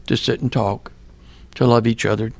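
A man's voice: medium pitch, level tone, moderate pace, creaky. An older man, a pastor, earnestly telling a personal story in plain words during an interview. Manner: plain-spoken, earnest, acts out remembered dialogue.

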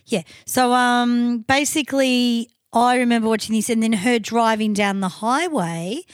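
A woman's voice: a little high, measured pace, clean tone, dry recording, studio quality. Blunt, storytelling Australian woman. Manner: animated storytelling, blunt and sweary. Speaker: podcast co-host. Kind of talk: casual chat.

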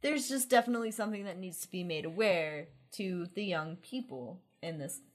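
A young woman co-hosting a casual podcast chat, wry and quick to laugh. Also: fairly low pitch, expressive. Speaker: podcast co-host.

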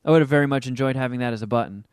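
A man's voice: medium pitch, rapid-fire, smooth, dry recording, clean studio sound. A man co-hosting a podcast, telling about a movie in rambling, profane casual chat. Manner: rambling, profane, animated storytelling. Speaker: podcast co-host.

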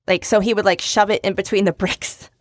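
A woman chatting casually, her story wandering through fillers and restarts. Her voice sits at a middle pitch. The sound is dry and close. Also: steady tone, fairly quick, no echo. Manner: rambling, lots of fillers. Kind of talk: casual chat.

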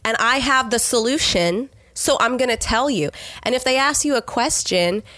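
A woman's voice: a little high, animated, normal speed, sharp tone, no room sound, clean studio sound. A woman co-hosting a Christian podcast, speaking earnestly and acting out conversations about sharing her faith. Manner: earnest, acts out sample conversations. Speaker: podcast co-host.

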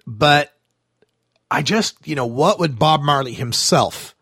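Lively, bright-voiced male radio host. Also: a little high, slow pace, slightly rough, no room sound, clean studio sound. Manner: animated, sarcastic, thinking aloud with fillers. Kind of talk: opinionated talk radio monologue.

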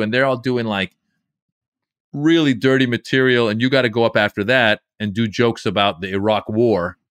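Comedian guy telling stories in an interview, pretty low voice, dry mic, does little voices. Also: dry recording. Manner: animated storyteller doing quoted voices. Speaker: comedian guest. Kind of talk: storytelling interview.

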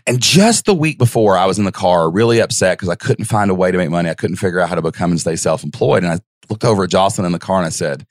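A man guest on a podcast, telling his story in an excited, animated way, with big jumps in pitch when he acts out what people said. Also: fast, no echo, studio quality.

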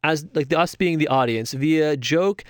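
A man's voice: on the high side, normal speed, dry recording, studio quality. A man giving a casual spoken film review, rambling and sarcastic, often restarting his sentences and adding wry asides.

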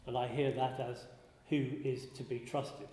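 A man giving a contemplative spiritual talk, speaking slowly and reflectively, often pausing and restarting his phrases. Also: medium pitch, fairly even intonation, mellow. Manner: slow and reflective, with frequent restarts and pauses. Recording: roomy hall with long reverb.

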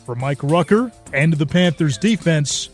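A man narrating a sports documentary in a measured, scripted way. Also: fairly high pitch, expressive, soft background music.

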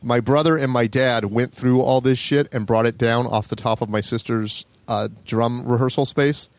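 A man co-hosting a casual comedy podcast, telling stories in an animated, profane way. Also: mid-range voice, moderate pace, no room sound. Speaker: podcast co-host.

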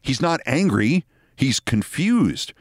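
An older man in his sixties spins a wry, theatrical anecdote as host, his pitch swinging lively up and down. The recording is dry and close, with no room around him. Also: slow, no echo. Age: 60s. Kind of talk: personal storytelling.

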